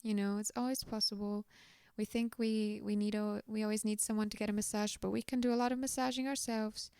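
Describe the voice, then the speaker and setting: A woman with a slightly tired voice giving a gentle, reassuring pick-a-card tarot reading, often dropping to a whisper. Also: mid-range voice, little pitch movement, a little fast, smooth, no room sound, studio quality.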